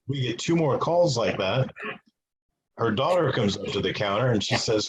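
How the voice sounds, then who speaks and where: A man's voice: mid-range voice, animated, normal speed. A man giving an earnest personal testimony as an interview guest. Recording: noisy with clicks.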